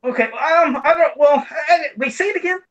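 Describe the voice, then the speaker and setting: A man's voice: very high-pitched, a little fast, fairly bright tone, muffled recording. A man co-hosting a casual podcast, chatty and repeating himself as he over-explains a point. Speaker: podcast co-host. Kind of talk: casual chat.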